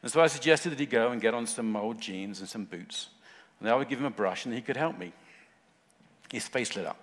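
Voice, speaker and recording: A man's voice: mid-range voice, a little fast. Earnest male preacher in a reverberant hall. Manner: earnest, rises to fervent emphasis, speaks in short phrases. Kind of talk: sermon.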